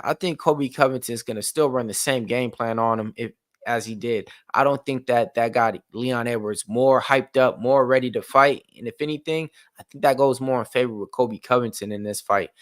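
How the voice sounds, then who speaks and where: A man's voice: mid-range voice, fairly bright tone, no room sound. A man hosts a live fight-night stream, talking loose and rambling, with plenty of slang and filler words. His voice sits in a middle range. The sound is dry and close. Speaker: stream host. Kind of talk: casual live watch-along chat.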